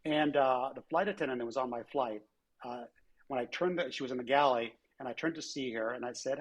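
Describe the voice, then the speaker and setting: A former airline chief executive, an older man with a husky, slightly breathy, mid-pitched voice, tells stories as a guest in a relaxed conversational interview. He's an animated storyteller who speaks briskly, restarts often, and slips into quoted voices. The recording sounds muffled.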